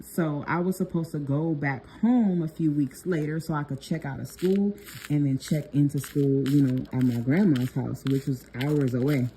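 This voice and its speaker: A woman's voice: low-pitched, warm tone, slight background noise. A young woman nail technician telling a personal story in a chatty, laughing vlog style, talking to viewers as y'all.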